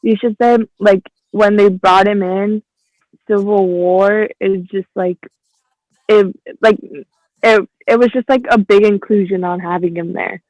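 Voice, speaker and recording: Man, podcast co-host, high voice, rambling, lots of fillers, dry close sound. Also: fairly even intonation, a little slow, a little mellow, no echo, rough recording. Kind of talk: casual chat.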